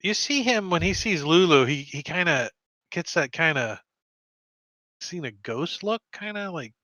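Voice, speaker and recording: A male dungeon master narrates a tabletop game in a relaxed, rambling manner. He talks slowly, and his pitch moves a lot. The sound is dry and close. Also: no room sound.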